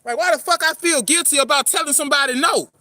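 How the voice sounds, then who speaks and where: Man, vlogger, casual motivational rant; heavy slang and cursing, earnest and rambling; high, bright voice, dry close sound. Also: fast, dry recording. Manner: street slang, heavy swearing, repeats "man" and "you know what I'm saying"; rambling, earnest, greets passers-by. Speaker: poet and vlogger. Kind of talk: casual motivational talk to camera.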